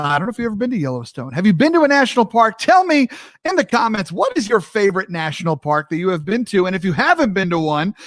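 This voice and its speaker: Upbeat high-voiced man hosting a stream. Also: no room sound, studio quality. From US East Coast. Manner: energetic, chatty, addresses viewers as friends. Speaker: host. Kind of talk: live-streamed casual talk show.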